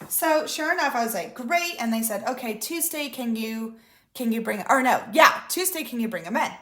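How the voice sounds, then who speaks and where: A woman's voice: fairly high pitch, expressive, brisk, bright, forceful tone, reverberant. A woman, a mother, telling a story casually to her viewers, chatty and full of quoted dialogue. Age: adult mother of school-age daughter. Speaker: vlogger.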